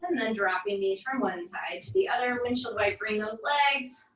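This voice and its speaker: Woman instructor, high bright voice, calm stretch cues with dry humor, echoey room, voice from off-mic. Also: normal speed, distant mic. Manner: calm, encouraging cues with wry asides. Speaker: fitness instructor. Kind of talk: guided barre cool-down instruction.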